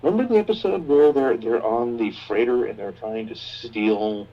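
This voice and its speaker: A man's voice: medium pitch, moderate pace. A man co-hosting a podcast, chatting earnestly with frequent stammering restarts. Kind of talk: casual chat. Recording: dull lo-fi sound.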